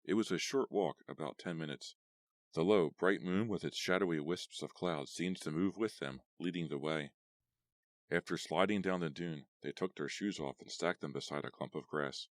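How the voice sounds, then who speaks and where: A man narrating a scripted horror audiobook in a steady, even read. His voice sits extremely low, and the recording is dry and close with no room sound. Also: normal speed, no room sound.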